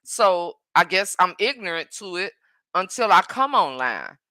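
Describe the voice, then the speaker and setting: A woman's voice: on the low side, sing-song, measured pace, pushed and bright, dry recording, clean studio sound. A woman chatting emphatically on a phone livestream from home, repeating herself and answering commenters. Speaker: live streamer. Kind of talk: casual live-stream chat.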